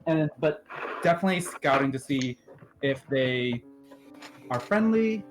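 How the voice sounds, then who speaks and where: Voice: medium pitch, expressive, measured pace. A player describing their character's actions hesitantly, with many fillers and restarts. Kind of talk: casual play. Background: clear background music.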